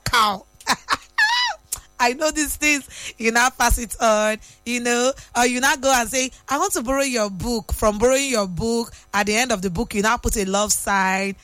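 A woman's voice: a little high, fairly bright tone, no echo. Chatty Nigerian woman, teasing and laughing. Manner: chatty, teasing, laughs often, Pidgin slang. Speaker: radio host. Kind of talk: casual chat.

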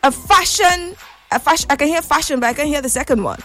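A woman's voice: sits high, fast, a bit bright, soft background music. A woman hosting a morning radio phone-in, bubbly and playful, teasing callers and sometimes slipping into a sing-song lilt. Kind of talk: lively morning radio call-in chat.

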